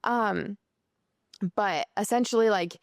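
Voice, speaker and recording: A woman's voice: mid-range voice, slow pace, creaky, no echo, clean studio sound. A young woman in her twenties talking casually and earnestly about faith and mindset, with lots of filler words. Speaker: podcast host.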